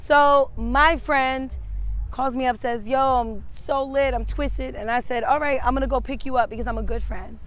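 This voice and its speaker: A woman's voice: sits high, steady tone, normal speed. A woman telling a personal story in casual, profane, slang-heavy speech. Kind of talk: casual street-interview storytelling.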